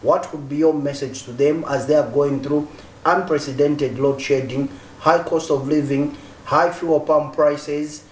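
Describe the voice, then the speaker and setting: A talk-show host whose voice sits a touch high for a man, pausing often with fillers as he sets up his questions. The studio around him is echoey, with a faint hum of ambience underneath. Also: fairly even intonation. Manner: halting, many fillers while framing questions. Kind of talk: TV interview questioning.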